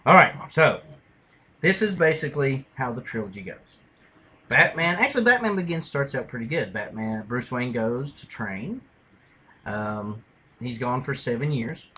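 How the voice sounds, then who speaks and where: A man co-hosting a casual podcast, retelling and mocking movie scenes with animated delivery and loud impressions. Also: medium pitch, normal speed, dull audio, slight background noise. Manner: animated storyteller, mimics lines in a loud gravelly shout. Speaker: podcast co-host. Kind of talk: casual movie review chat.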